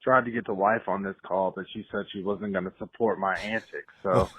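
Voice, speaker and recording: A man's voice: deep voice, fairly even intonation, brisk, background noise. A tipsy man from Georgia rambling casually in a voicemail to a podcast. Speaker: voicemail caller. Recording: voicemail over a tinny phone line.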